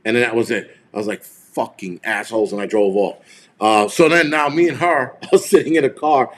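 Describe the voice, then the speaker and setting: A man's voice: mid-range voice, fairly even intonation, a little fast, a bit bright. A man hosting a live stream, retelling a tense encounter in a heated, profane, rambling way. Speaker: show host.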